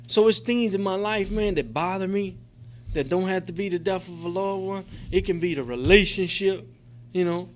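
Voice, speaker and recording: Middle-aged man, slightly high voice, emotional testimony, profane, rambling, "man" and "you know" fillers. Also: slight background noise. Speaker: recovery convention speaker. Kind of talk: personal testimony to a group. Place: convention meeting room.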